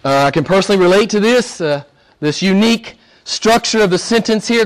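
This is an older man delivering a sermon in a voice that sits a little high for a man. He moves between soft, almost whispered passages and loud, emphatic bursts. He keeps turning to his listeners with rhetorical questions. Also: animated, a little fast, clear, resonant tone. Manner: swings between loud emphatic calls and hushed near-whispers. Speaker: pastor.

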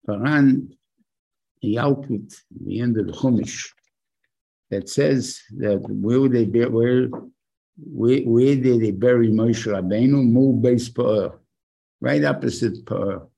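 Older rabbi with a gravelly, husky voice. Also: male voice, mid-range voice, slow, mellow, highs cut off. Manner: conversational, asks the listeners rhetorical questions. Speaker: rabbi teaching a weekly Torah class. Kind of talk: informal Torah lecture.

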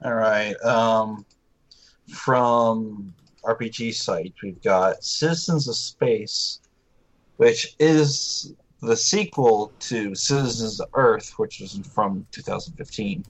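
A man's voice: on the low side, takes it slowly, rough recording. Easygoing man reading gaming news. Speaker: podcast co-host reading news. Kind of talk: casual podcast news rundown.

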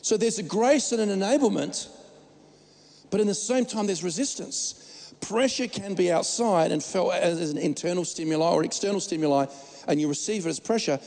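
A man's voice: high voice, a little mellow, big-room sound. A man preaching a sermon as pastor, emphatic and joking, often restarting his words.

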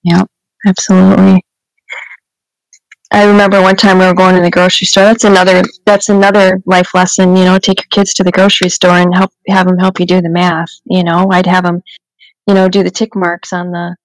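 A woman's voice: lowish voice, monotone, fairly quick, no room sound, rough recording. A woman co-hosting a casual podcast chat, telling everyday stories with frequent restarts and "you know".

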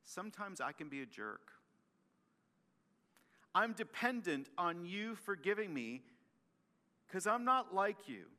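A male pastor preaching a sermon, animated and emphatic, often repeating and restarting his phrases. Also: high-pitched, takes it slowly, long pauses, long reverb tail.

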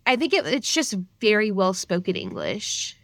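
A woman co-hosting a casual chat about a movie, frank and expressive, swearing freely. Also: mid-range voice, moderate pace, dry recording, clean studio sound. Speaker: podcast co-host.

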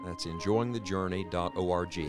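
Deep-voiced male host over music. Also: moderate pace. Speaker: radio program host. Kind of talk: scripted closing announcement. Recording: music bed underneath.

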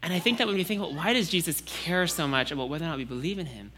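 Bright-voiced young man preaching a sermon. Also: a little high, rapid-fire, a little hiss or hum. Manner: conversational, with frequent "like" and restarts.

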